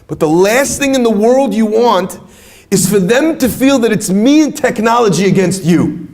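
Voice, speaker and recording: High-voiced man giving an animated talk. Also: normal speed. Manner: animated storyteller, jokes with the crowd. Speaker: speaker at a retreat. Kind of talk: inspirational talk to an audience.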